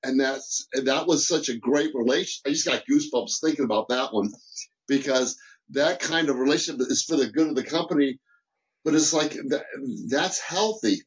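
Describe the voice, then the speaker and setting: A man speaking as a guest business mentor in a casual interview, animated and full of restarts and repeated words. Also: mid-range voice, moderate pace, muffled recording.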